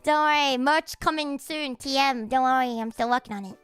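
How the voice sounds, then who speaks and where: A woman streamer chatting casually on a livestream, excitable and swearing freely, often breaking into laughter. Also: high-pitched, quick pace, hardly any pauses, clear, resonant tone, faint music behind.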